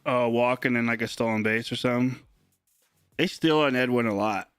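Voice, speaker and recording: A young man breaking sports cards on a live stream, telling a story in a rambling, animated, casual way. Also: mid-range voice, a little fast, clear, resonant tone, no echo.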